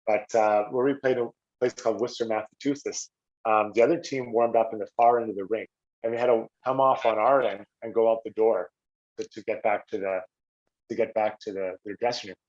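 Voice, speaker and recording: Canadian man telling animated hockey stories. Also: fairly quick. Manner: animated, acts out quotes with raised pitch. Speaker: podcast guest, former hockey player. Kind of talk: casual storytelling. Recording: slightly dull lo-fi audio.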